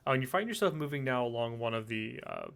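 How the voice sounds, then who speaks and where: A man running a tabletop game as game master, narrating the scene in a relaxed way with frequent fillers. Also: mid-range voice, quick pace, vocal fry, clear, resonant tone.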